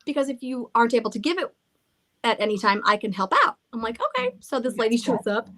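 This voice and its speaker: A woman's voice: on the high side, fast talker, a bit bright. A middle-aged woman who owns a haunted house, rambling through stories in casual chat, laughing and swearing freely. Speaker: haunted villa owner.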